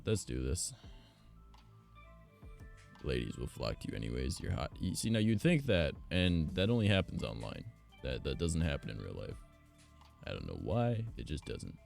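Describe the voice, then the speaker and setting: A man's voice: extremely low pitch, creaky, darkish tone. A man streamer telling stories in casual chat, rambling, blunt and profane. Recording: faint background music.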